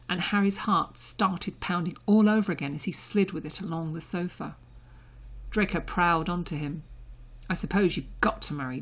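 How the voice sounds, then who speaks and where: A woman narrating a story as an audiobook reader, in a soft and intimate delivery. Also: on the low side, breathy edge.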